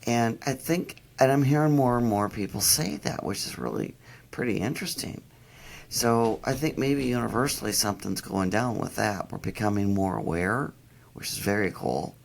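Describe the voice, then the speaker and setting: Gravelly-voiced woman dog trainer. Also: rumbling low, animated, normal speed. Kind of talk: casual interview.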